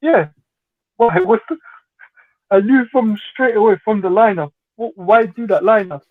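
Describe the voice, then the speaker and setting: High-voiced fan on a tinny call. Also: male voice, expressive, a little slow, dry recording. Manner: blunt and exasperated, asking pointed questions. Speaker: fan caller on a livestream. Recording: tinny dry call audio.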